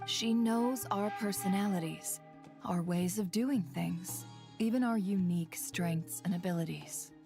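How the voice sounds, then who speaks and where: An actress voicing a sharp-minded female leader in a game, analytical and dryly witty. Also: mid-range voice, a little slow, gravelly, soft background music. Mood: resolute.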